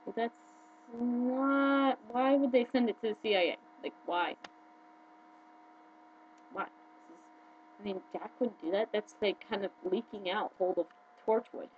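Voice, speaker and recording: A chatty, excitable woman talks casually to her viewers, her voice leaping up whenever she gets worked up. The recording is dull and lo-fi, with a faint hum underneath. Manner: chatty and excitable, with quick jumps in pitch. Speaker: video blogger. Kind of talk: casual fan chat to camera.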